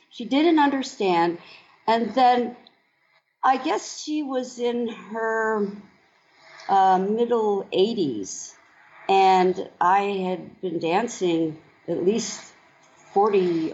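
A woman in her sixties recounts her life in dance at an unhurried pace, thoughtful and halting, full of small pauses. The recording is a bit dull and lo-fi. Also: mid-range voice, a little mellow. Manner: slow, reflective, halting with many fillers. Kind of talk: interview storytelling. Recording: dull lo-fi sound.

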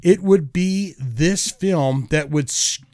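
A man hosting a casual podcast, reading out movie trivia and quiz clues in a slow, deliberate way. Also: on the high side, darkish tone, no room sound.

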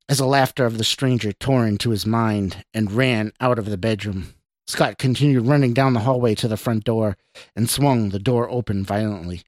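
A man's voice: fairly low pitch, moderate pace, dry recording. Man narrating horror, dry and close. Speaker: podcast host and storyteller.

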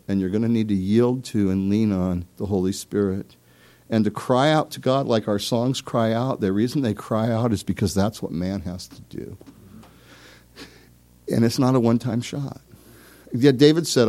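A man's voice: fairly low pitch, dark tone. A man preaching a sermon in a conversational way, with asides and small laughs, asking his listeners direct questions. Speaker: pastor.

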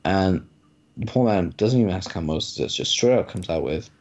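A man's voice: sits low, animated, normal speed, darkish tone, highs cut off. A man in a casual podcast conversation, telling a parable loosely with many fillers.

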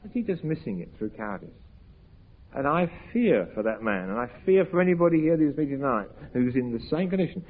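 A man's voice: on the high side, very animated, a little fast, a little hiss or hum. A man preaching an evangelistic sermon, earnest and pleading, pressing his listeners with questions. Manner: earnest, pleading, rising to emphatic peaks. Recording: tinny, phone-like lo-fi recording.

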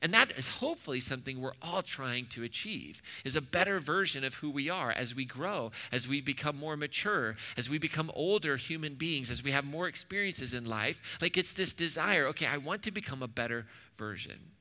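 A man's voice: on the high side, lively intonation, normal speed, few pauses, pushed and bright. A man preaching a sermon as pastor, conversational and humorous, often checking in with "right?". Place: church sanctuary. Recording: reverberant church hall.

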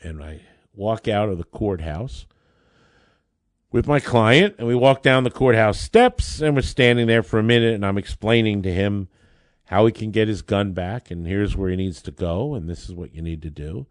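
A man hosting a podcast, a lawyer telling a story in a casual, animated way. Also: on the low side, moderate pace, no echo, clean studio sound. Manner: animated, builds up excitement in anecdotes.

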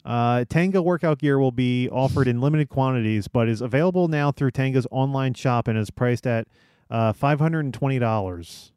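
A man's voice: medium pitch, moderate pace, a little mellow, clean tone, dry recording, clean studio sound. A man hosting a casual podcast chat, reading out article details with joking asides. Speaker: podcast host reading news.

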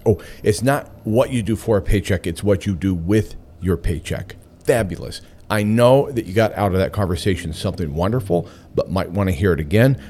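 A man's voice: sits low, darkish tone. A man hosting a radio show, talking in a chatty, candid and enthusiastic way. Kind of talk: casual radio talk.

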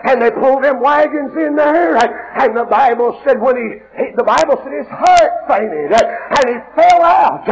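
Impassioned high-voiced preacher, shouting then hushing. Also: male voice, animated, measured pace, vocal fry, hardly any pauses. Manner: impassioned, shouting and dropping to a hush, storytelling. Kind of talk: sermon. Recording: muffled lo-fi recording with faint hiss.

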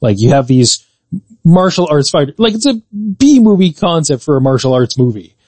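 A man co-hosts a casual podcast about games and movies, his voice sitting a little high. He talks in measured, explanatory sentences full of qualifiers. The sound is dry and close to the mic. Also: very animated, a little mellow, husky, no room sound. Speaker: podcast co-host.

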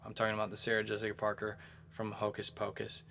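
A man's voice: fairly low pitch, completely flat delivery, fast talker, vocal fry, sharp tone, slight background noise. A young man, hosting a casual solo podcast from his apartment, rambling and poking fun at himself. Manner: rambling, self-mocking, chatty. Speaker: podcast host. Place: apartment room.

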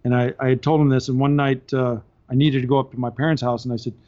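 A man telling a story on a podcast in a casual, animated way, laughing between points, heard on slightly dull audio. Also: medium pitch, fast. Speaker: podcast guest.

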